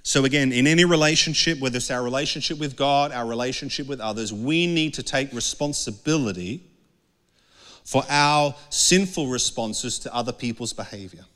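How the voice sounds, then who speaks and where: Man, pastor, conversational sermon, earnest, mid-pitched voice, long hall reverb. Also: normal speed, fairly bright tone. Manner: earnest, acts out quoted voices.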